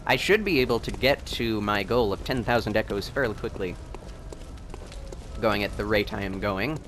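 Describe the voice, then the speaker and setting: A man hosting a video game playthrough, rambling and excitable, and laughing often as he plays. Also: fairly low pitch, normal speed, noisy background. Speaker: let's play host. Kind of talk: gameplay commentary.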